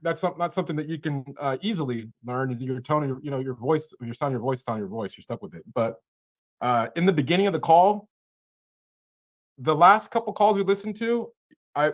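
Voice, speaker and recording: A man coaches a cold caller in a relaxed, animated way, now and then acting out both sides of a call. His voice sits fairly high. It comes through a dull, lo-fi video call connection. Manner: animated, acts out caller and seller lines.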